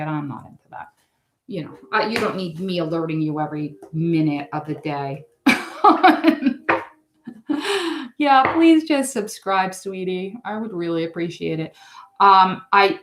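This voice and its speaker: A woman's voice: medium pitch, a bit bright. A woman giving a live tarot reading, chatting in a rambling, emotional, effusive way. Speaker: tarot reader. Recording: echoey room.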